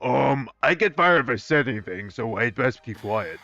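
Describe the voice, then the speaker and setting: A man's voice: mid-range voice, expressive, moderate pace, pushed and bright, dry recording, voice pushed down. A man voicing a sly, teasing host of a deadly school game who drawls smugly and acts innocent, on a dull, muffled recording. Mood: coy. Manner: smug, drawling, mock-innocent.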